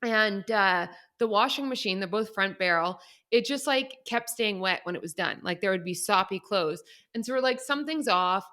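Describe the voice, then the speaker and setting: With a medium-pitched voice at normal speed and barely a pause, a young adult podcast co-host animatedly recounts a story in casual conversation. She frequently laughs and quotes what people said.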